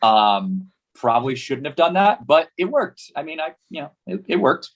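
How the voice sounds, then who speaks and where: A man's voice: fairly high pitch, sing-song, normal speed. A man guest in a casual podcast interview, speaking in an easygoing, joking way.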